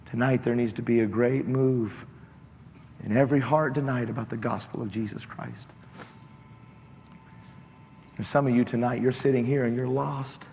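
A man preaching to a gathered crowd, telling a personal story with deep feeling and pushing toward fervent, shouted appeals. His mid-range voice rings out through a large hall with a long echo, and faint noise hangs behind it. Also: steady tone, normal speed, creaky, pauses often. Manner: impassioned, rising to shouted exhortation. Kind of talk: sermon with personal testimony.

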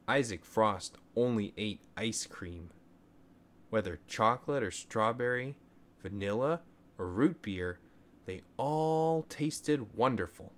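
A man reading a children's story aloud in a low voice. He takes his time with each line, and his pitch rises and falls in a lively, expressive way. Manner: gentle, expressive storybook narration.

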